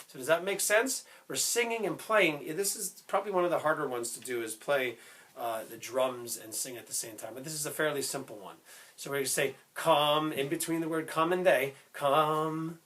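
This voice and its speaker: A man teaching a step-by-step music lesson who explains slowly, keeps checking in with "right?" and breaks into short sung snippets. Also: fairly high pitch. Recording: loud instrument playing behind the voice.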